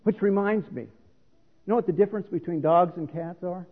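A man's voice: high-pitched, brisk, slightly rough. A middle-aged man preaching a sermon, explaining scripture in an earnest, teaching manner. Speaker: pastor. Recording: reverberant hall on a phone-like line.

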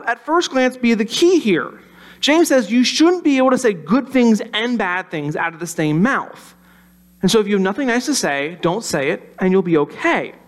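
A pastor with a notably high voice gives a children's sermon. He talks in a conversational way and keeps turning to the kids with questions.

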